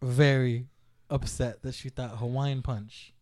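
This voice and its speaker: A young man, a podcast co-host, telling a story in casual chat, swearing and loudly acting out quotes. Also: medium pitch, steady tone, slow.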